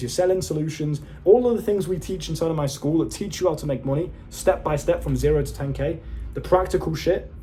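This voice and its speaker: Blunt, excitable young man. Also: on the high side. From United Kingdom. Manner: blunt, swearing, excitable storytelling. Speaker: self-improvement coach. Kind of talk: casual motivational monologue.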